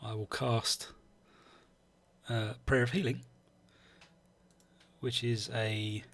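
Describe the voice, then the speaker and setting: A man's voice: medium pitch, flat delivery, slow, a bit bright. A man playing a tabletop game, talking hesitantly and stammering as he plays. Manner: hesitant, stammering, self-deprecating. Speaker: player.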